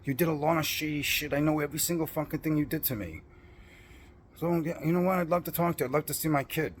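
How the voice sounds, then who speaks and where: A man's voice: on the high side, fast, slight background noise. A middle-aged man in a blunt, profane personal rant, defiant and boastful about his principles. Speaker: vlogger.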